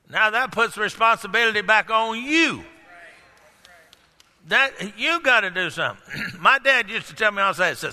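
A male pastor preaching a sermon to a congregation, calling out questions and breaking into sudden shouts. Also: high-pitched, expressive, measured pace, long pauses. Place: church hall. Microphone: microphone. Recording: echoey hall.

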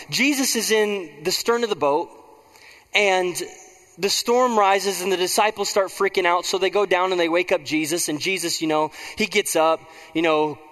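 A man's voice: sits high, a bit bright, in a large hall. A man preaching a conversational sermon as pastor, prompting the congregation to respond.

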